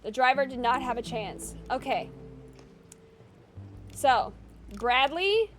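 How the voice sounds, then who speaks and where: A young adult woman streaming a game, chatty and thinking aloud, with loud excitable outbursts. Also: high-pitched, takes it slowly, long pauses, faint music behind. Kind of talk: gaming stream commentary.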